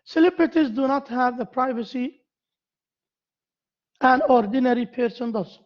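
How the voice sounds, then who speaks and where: A woman with an Arabic accent giving a university lecture. She pauses often, repeats key phrases and asks the class questions. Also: high voice. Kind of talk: classroom lecture on essay writing. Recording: dull lo-fi lecture recording.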